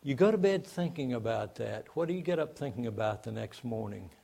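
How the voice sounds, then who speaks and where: A male pastor delivers a sermon in an easy, conversational way. He speaks at an ordinary middle pitch and keeps turning to the listeners with rhetorical questions. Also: lively intonation, fairly quick, gravelly, mellow, slightly rough.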